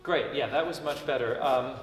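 A man coaches a young violinist in a master class, working through the music with constructive notes and frequent restarts. His mid-pitched voice comes from far off in a large, echoey hall with a long reverb. Violin playing is clearly heard around his words. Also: normal speed. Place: concert hall, indoors. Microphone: distant room mic. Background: violin and piano playing.

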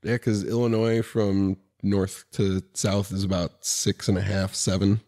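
A young man with a lowish voice trades short, dry remarks in a relaxed podcast chat. He keeps it low-key and understated, getting laughs with deadpan one-liners. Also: measured pace. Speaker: podcast co-host. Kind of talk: casual chat.

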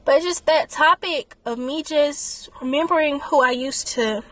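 A young woman vlogs casually in a high-pitched, slightly bright voice, speaking at an unhurried pace. She rambles candidly and emotionally in a reflective way, sometimes talking to herself, and the recording is dry.

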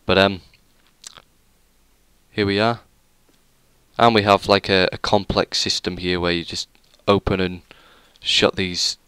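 A man's voice: low-pitched, steady tone, slow, long pauses, bright, forceful tone, clean tone, no room sound. A young man giving a rambling, self-deprecating tour of a game world, full of hesitant fillers. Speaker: gaming YouTuber. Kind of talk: casual let's play commentary.

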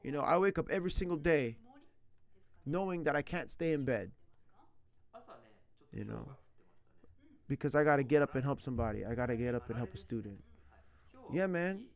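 A man's voice: mid-range voice, expressive, moderate pace, long pauses. A man in his thirties chatting casually as a language teacher streaming online, slangy, rambling and earnest. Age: 30s. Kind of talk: casual chat.

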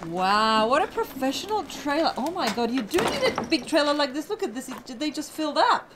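A woman's voice: high-pitched, very animated, fairly quick. A woman hosting a travel vlog, interviewing people in a casual, enthusiastic way and laughing easily. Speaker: travel vlogger host. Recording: noisy outdoor camera audio.

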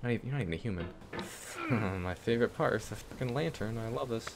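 Brief: young man ranting at a game, very animated voice, loud swearing outbursts. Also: fast, noisy background. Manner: swings from yelling rage to low mumbling. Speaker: gaming YouTuber. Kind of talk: casual gameplay commentary.

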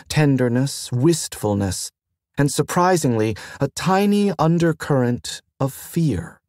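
This audiobook is read by a man with a mid-range voice whose delivery is measured yet expressive. The recording is clean studio audio without any room sound.

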